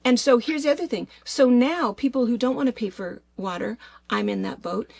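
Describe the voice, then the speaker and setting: A middle-aged woman from Washington State co-hosting a casual chat, talking in an animated, ranting way. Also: on the high side, moderate pace, gravelly. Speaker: co-host.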